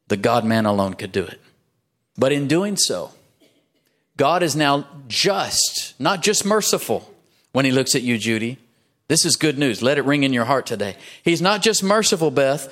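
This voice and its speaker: A man's voice: medium pitch, fairly bright tone. A man pastor preaching a sermon in a church, emphatic, punctuating his points with "amen" and rising for emphasis.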